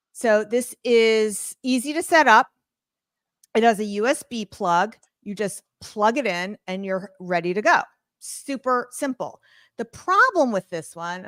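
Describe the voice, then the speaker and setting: A woman teaches a live online class in a chatty, informal way, cracking small jokes as she goes. Her voice sits in a middle pitch and is picked up close on a studio microphone in a home office, with a dry, close sound. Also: a bit bright, no echo. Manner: chatty, informal, jokey asides. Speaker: online art course instructor.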